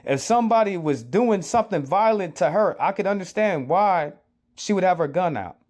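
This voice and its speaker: High-voiced man lecturing urgently. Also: lively intonation, normal speed, darkish tone. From United States. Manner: urgent, lecturing, repeats himself. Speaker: commentator reacting to a clip. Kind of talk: preachy social commentary.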